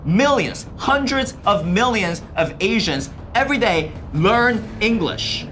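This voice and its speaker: A man's voice: high voice, lively intonation, slow, noisy background. A man from China, a native Chinese speaker, giving emphatic, opinionated commentary to the camera with rhetorical questions. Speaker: vlog co-host.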